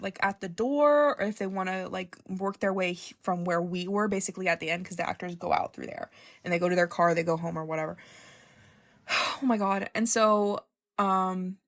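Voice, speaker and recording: Excitable, gushing young woman with a dry sound. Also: mid-range voice, dry recording. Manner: excitable, gushing and profane, laughing often. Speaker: vlogger. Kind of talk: casual storytime.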